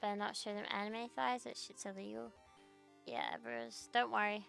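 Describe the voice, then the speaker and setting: A woman's voice: mid-range voice, flat delivery, normal speed, gravelly, fairly bright tone, faint music behind. A young woman streaming as a VTuber from her home computer, chatting casually in a rambling, profane, ranting way. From Australia. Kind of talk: casual livestream chat.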